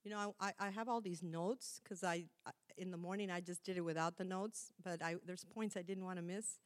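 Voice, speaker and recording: A woman's voice: lowish voice, fairly even intonation, fairly quick. A middle-aged woman preaching a conversational sermon, chatty and self-correcting, laughing at herself now and then.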